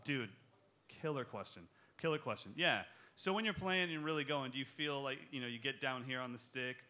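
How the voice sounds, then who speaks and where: A man leading a drum clinic in front of a crowd, animated and joking. His voice is bright and forward, and he talks straight to the room. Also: medium pitch, brisk. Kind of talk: live drum clinic talk with Q&A. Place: music shop clinic in front of an audience.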